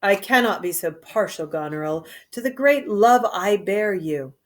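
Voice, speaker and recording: A woman's voice: medium pitch, animated, a little slow, voice pushed down, close to an everyday voice. A woman reading a mild, bewildered duke. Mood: uneasy. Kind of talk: solo reading of a play.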